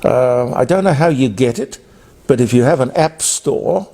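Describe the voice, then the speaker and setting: A man's voice: mid-range voice, expressive, moderate pace, warm tone. A man with an Australian accent, hosting talk radio with a blunt, emphatic opinion monologue that wanders between topics. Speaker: radio host.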